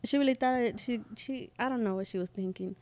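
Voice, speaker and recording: A woman's voice: a little high, quick pace, darkish tone. A young woman hosting a podcast, telling a story in casual chat, acting out the quotes and swearing freely. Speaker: podcast host.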